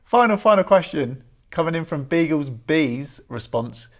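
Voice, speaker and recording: A man's voice: a little high, animated, measured pace. A man hosting a casual podcast, reading out listener questions and laughing easily. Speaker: podcast host.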